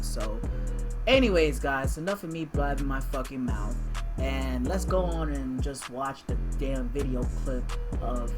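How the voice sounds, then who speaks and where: A man doing casual reaction commentary, talking bluntly, swearing and rambling as he reacts to an old talk show clip. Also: mid-range voice. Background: music.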